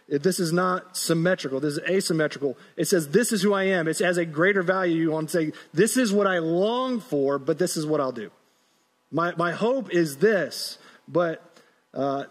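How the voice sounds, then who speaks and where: A man preaching a sermon in a church, earnest and halting, often restarting his words. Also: fairly high pitch, big-room sound. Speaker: pastor. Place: church sanctuary.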